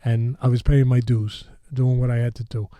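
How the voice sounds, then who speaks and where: A man in his sixties from New York tells a long story in a warm, low voice, drifting into asides. The recording is dry and close, a podcast studio mic with no room sound. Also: level tone, moderate pace, dry recording. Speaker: boxing trainer, podcast guest. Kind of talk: animated storytelling.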